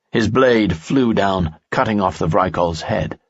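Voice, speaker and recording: A man narrating a fantasy audiobook in a steady, measured way. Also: fairly low pitch, slightly rough, no room sound. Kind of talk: scripted narration. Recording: dull, dry lo-fi audio.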